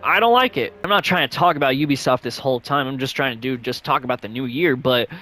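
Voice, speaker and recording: A man hosting a gaming channel, chatting casually and rambling, with many fillers and sudden jumps up in pitch. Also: fast talker, sharp tone. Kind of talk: casual vlog chat.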